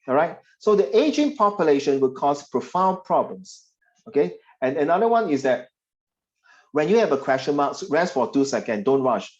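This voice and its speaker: A man's voice: a little high, sing-song, moderate pace, darkish tone. Man, Singaporean English accent, chatty, teasing, tutor on a video call, dull lo-fi sound. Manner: chatty, teasing, puts on voices of parents and students. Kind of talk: online class teaching.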